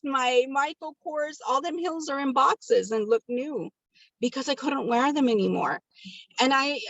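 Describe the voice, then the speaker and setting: A woman's voice: a little high, fairly bright tone, no room sound. A woman in her fifties from California sharing a personal testimonial on a video call, chatty and emotional with many ums. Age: 50s. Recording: dull video call audio.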